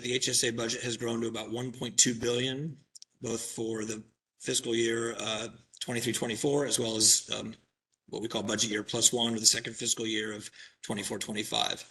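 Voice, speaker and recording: A man delivers an executive director's report to a commission in a bright, slightly tense voice at middle pitch. He speaks in a measured way, pausing on fillers and clearing his throat now and then. The microphone sits a little away from him in a meeting chamber. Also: distant mic, rough recording.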